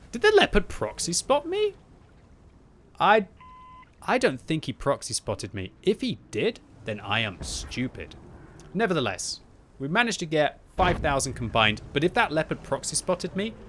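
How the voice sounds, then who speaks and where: A man giving live gameplay commentary at home, thinking aloud and breaking into loud frustrated yelling. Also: medium pitch. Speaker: gaming video host. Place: upstairs room at home. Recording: steady game noise behind the voice.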